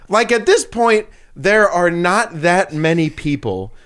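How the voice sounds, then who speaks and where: A young man co-hosting a podcast, telling a story in a casual, animated way and often laughing as he acts out what people said. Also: high-pitched, takes it slowly, clean tone. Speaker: podcast co-host.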